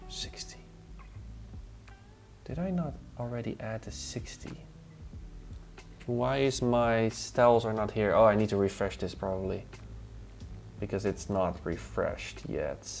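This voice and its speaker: Low-voiced man thinking aloud on stream. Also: measured pace, vocal fry. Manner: muttering to himself, answering chat between tasks. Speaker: live streamer testing design software. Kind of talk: casual live stream, thinking aloud while working. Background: relaxed music playlist.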